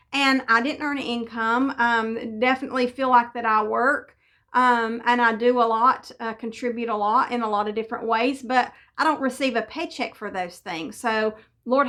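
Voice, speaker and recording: Woman, high voice, middle-aged, devotional testimony, earnest, halting restarts. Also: pushed and bright. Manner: earnest storytelling with fillers and restarts. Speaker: devotional speaker.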